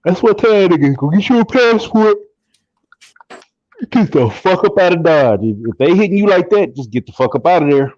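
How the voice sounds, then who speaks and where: A man's voice: high voice, expressive, moderate pace, darkish tone, no room sound. A man co-hosting a casual podcast, chiming in with blunt, joking remarks. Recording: dull, dry, lo-fi sound.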